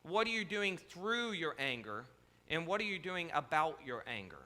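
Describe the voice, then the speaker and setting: Male pastor, high bright voice, earnest repetitive sermon delivery, church with long reverb. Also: very animated, moderate pace. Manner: earnest, repetitive preaching with rhetorical questions. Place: church sanctuary.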